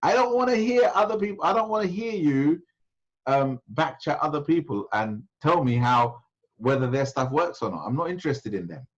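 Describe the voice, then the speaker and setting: A man's voice: on the high side, expressive, moderate pace, highs cut off, pitched above the performer's own voice. A man putting on an exasperated old teacher. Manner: indignant, scolding. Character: exasperated elderly male religious teacher.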